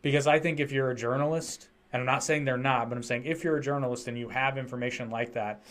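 A man's voice: mid-range voice, fairly even intonation, fast talker, fairly bright tone. A man from the United States hosting a podcast, talking in a rambling, opinionated way with restarts. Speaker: podcast host. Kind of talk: casual podcast chat.

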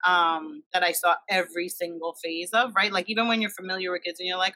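Woman podcast host, thirties, reflective, crisp bright tone, dry sound. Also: on the low side, little pitch movement, fast talker, no echo, low-quality recording. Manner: reflective, thoughtful. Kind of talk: casual conversation.

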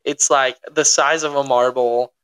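A young man co-hosts a casual podcast and tells his story with dramatic, animated energy. His voice sounds bright and forward. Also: mid-range voice, unhurried, smooth. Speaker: podcast co-host. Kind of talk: casual chat.

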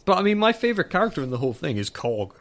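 A young man co-hosting a casual film review chat, animated and laughing as he acts out scenes. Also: fairly high pitch, very fast. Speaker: podcast co-host.

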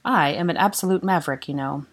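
A woman's voice: low-pitched, fast talker. A woman reading the part of a flamboyant, teasing young male wizard in an arch, drawling manner.

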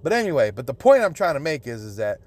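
A man's voice: mid-range voice, sing-song, fast talker. A young man hosting his own podcast, ranting crudely and indignantly with constant swearing. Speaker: podcast host. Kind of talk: profane solo podcast rant.

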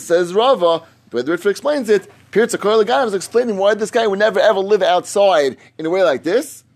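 Man giving a lively, emphatic Talmud lesson. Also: fairly high pitch. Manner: emphatic, repeats phrases while reasoning aloud. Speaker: Talmud teacher. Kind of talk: Talmud study lecture.

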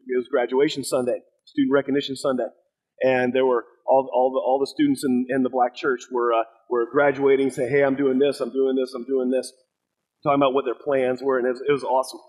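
A middle-aged man, a pastor preaching a sermon, telling stories in an earnest, halting way with fillers and restarts. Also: mid-range voice, low-quality recording.

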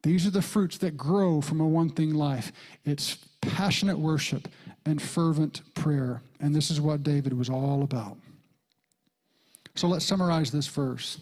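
A middle-aged man preaching a sermon as a pastor, telling a story with lively jumps in pitch and soft whispered quotes. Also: measured pace.

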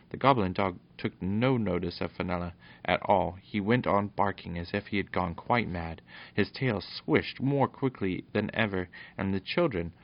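A man reading a children's storybook aloud in a steady narration with small stumbles, on a dull lo-fi recording. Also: low-pitched, vocal fry.

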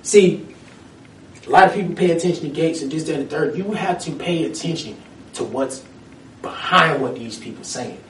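A man in casual chat, ranting in a lively, profane way with street slang. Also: fairly high pitch, normal speed, slight background noise. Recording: echoey room, mic at a distance.

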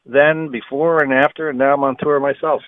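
A man, a guitarist guest on an interview, telling stories and acting out quoted dialogue with lively energy. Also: mid-range voice, brisk, no room sound, phone-quality sound. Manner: animated storyteller who acts out quoted dialogue. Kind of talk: storytelling interview.

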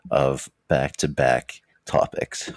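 A man with an extremely deep, gravelly voice co-hosts a relaxed podcast, speaking slowly and laughing often. He swears casually and keeps many replies short. The recording is dry and close-miked. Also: no echo. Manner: laid-back, laughs a lot, swears, terse replies. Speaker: podcast co-host. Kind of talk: casual chat.

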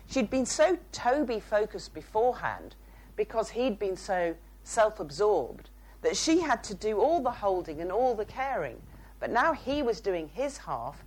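A woman's voice: mid-range voice, low-quality recording. Woman telling stories animatedly. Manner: storytelling with quoted dialogue. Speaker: psychotherapist and author. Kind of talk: guest telling case stories.

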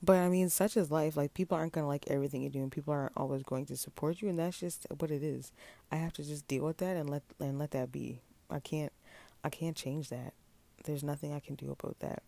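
A man's voice: on the high side, fairly even intonation, quick pace, creaky, dark tone. A man hosting his own podcast, talking casually and at length to his listeners, often restarting his sentences and addressing them as y'all. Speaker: podcast host. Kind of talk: casual solo podcast monologue.

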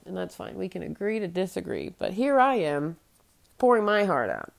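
Here a woman in her late thirties runs a solo podcast and vents her frustration in blunt, profane terms. Her lowish, creaky voice swings widely in pitch at a normal speed.

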